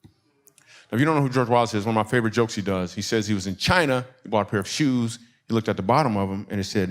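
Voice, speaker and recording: A man from Michigan doing a stand-up comedy set, telling stories and acting out the people in them. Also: mid-range voice. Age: adult. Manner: animated, acts out quoted voices, laughter in the crowd.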